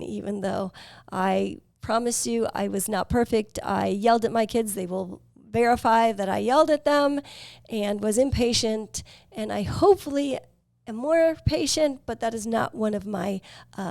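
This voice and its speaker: A woman in her fifties, hosting a podcast, telling her life story in an earnest, reflective way with pauses and fillers. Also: a little high, vocal fry, a little mellow, no echo, clean studio sound. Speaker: podcast host. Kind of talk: personal storytelling.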